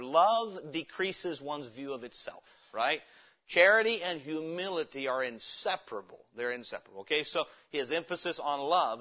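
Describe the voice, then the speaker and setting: Bright-voiced male pastor preaching. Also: fairly high pitch, dull audio. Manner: asks the congregation questions and answers them. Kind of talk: sermon. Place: church sanctuary.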